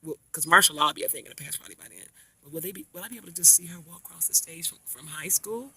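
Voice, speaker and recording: A middle-aged grandmother chats casually in her vlog, spinning long, rambling, animated stories packed with slang. Her voice is fairly low, very fast, and a bit breathy.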